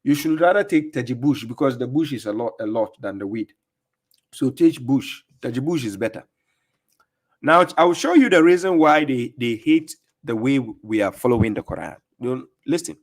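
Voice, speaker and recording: A man's voice: mid-range voice, animated, normal speed. A man hosting a livestream, giving mocking, sarcastic religious commentary on video clips he plays. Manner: scornful, sarcastic, lecturing. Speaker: livestream host reacting to clips.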